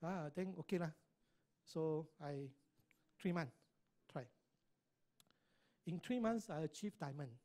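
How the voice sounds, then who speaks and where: At a business meeting, a middle-aged man with a Singaporean English accent delivers a motivational talk. His voice is a little high and darkish, slow and full of pauses. He's emphatic, pressing listeners with constant checks like "right?" and "correct or not?"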